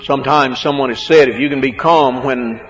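A man preaching a sermon on marriage, slow and emphatic, drawing out words for stress. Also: mid-range voice, a bit bright, soft background music. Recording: muffled, with a long hall echo.

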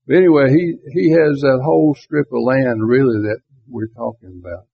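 Man, Bible class teacher, husky, unhurried, tinny phone-like recording. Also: mid-range voice. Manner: conversational, asks the class rhetorical questions.

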